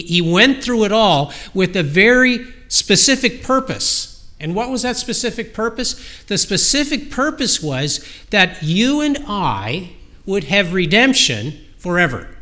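A high-pitched man preaching a sermon to a congregation. His voice is bright and ringing. He speaks with earnest emphasis, slowing down on key phrases and often restarting them.

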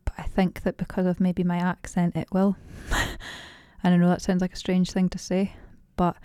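A woman's voice: fairly low pitch, completely flat delivery, normal speed, warm tone, smooth, no room sound, studio quality. A young Scottish woman, a podcast guest, talking casually and hesitantly with many restarts and fillers. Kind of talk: casual interview conversation.

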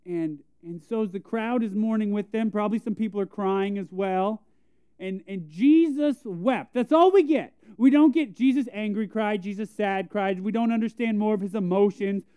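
A man's voice: high voice, normal speed, mellow, clear, resonant tone, no room sound. A young man preaching a conversational sermon, telling self-deprecating stories and acting out quotes. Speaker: pastor. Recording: tinny phone-like sound.

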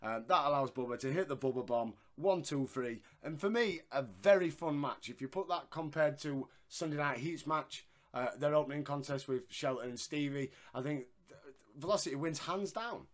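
In a casual podcast chat, a co-host with a fairly high voice walks through a wrestling match at a normal pace. He laughs a lot, swears freely, and acts out lines along the way.

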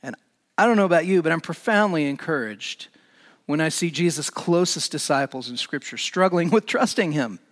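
A male pastor delivers a sermon in a slightly high voice, animated and building to emphatic peaks. His words ring out with a long reverb, as in a large hall. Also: moderate pace.

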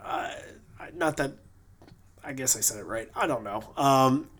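A man's voice: medium pitch, a little slow, a bit bright. Rambling male podcast co-host, casual chat. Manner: rambling, loose, with many fillers and restarts. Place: lives in New England.

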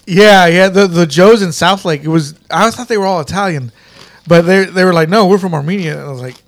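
High-voiced rambling man telling stories. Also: fairly quick. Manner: rambling storyteller, swears freely. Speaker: podcast host. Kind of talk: casual chat.

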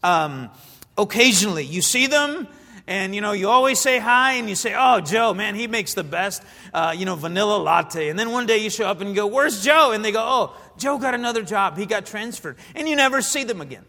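A pastor preaching a sermon, animated, with frequent fillers and asides to the congregation. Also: male voice, sits high, a little fast. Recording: long reverb of a large hall.

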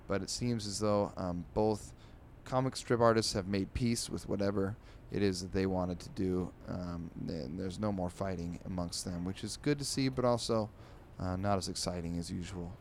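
A man's voice: sits low, fairly even intonation, slight background noise. A man hosting a comedy podcast, reading newspaper comics aloud with rambling, sarcastic asides. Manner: does quick voices for characters. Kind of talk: casual comic reading with commentary.

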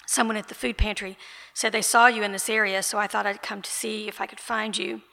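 A woman voices a kindly male reverend who pleads gently with a troubled friend. The voice is bright and a little gravelly. It echoes through a large room. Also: medium pitch, little pitch movement, a little fast. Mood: concerned.

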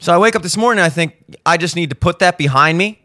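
A hungover young man hosting a podcast, talking casually and profanely, breaking into loud exasperated rants. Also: sits high, fast, no echo, studio quality. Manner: profane, ranting, swings into loud exasperated outbursts. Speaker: podcast host. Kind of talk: casual monologue.

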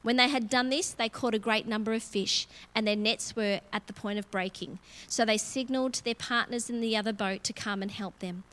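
A middle-aged woman preaching in a relaxed, chatty way, her voice sitting fairly high. She reads scripture and then talks it through with growing emphasis, like she's speaking to friends. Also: a little fast, hardly any pauses. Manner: chatty and expressive, building emphasis as she goes. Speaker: church speaker. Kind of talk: conversational sermon with Bible reading.

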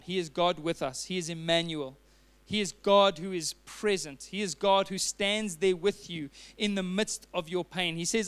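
A man's voice: high-pitched, moderate pace, fairly bright tone, clear, resonant tone. A man preaching a sermon as a pastor, telling a personal story with earnest fillers and restarts.

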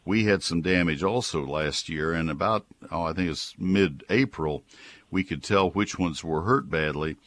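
A man's voice: low-pitched, moderate pace, fairly bright tone, dry recording. A man hosting a call-in gardening radio show, explaining plant care patiently and politely to callers.

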